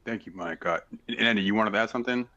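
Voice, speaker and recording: A man moderating a panel discussion, asking questions in a halting way and repeating words as he goes. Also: lowish voice, bright, forceful tone. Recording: dull lo-fi audio.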